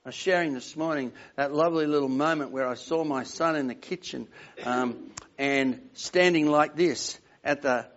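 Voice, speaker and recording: An older man preaching with earnest emphasis, his voice sitting a little high for a man. He keeps asking the congregation questions as he builds his points. The recording is dull and lo-fi. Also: normal speed. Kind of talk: sermon. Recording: dull lo-fi sound.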